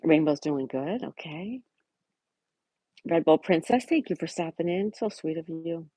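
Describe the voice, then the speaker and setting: A woman's voice: deep voice, expressive, moderate pace, dark tone, breathy edge, no echo. A woman hosting a casual livestream, chatting and reading out viewers' messages and greeting them by name. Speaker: livestream host. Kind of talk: casual live-chat reading.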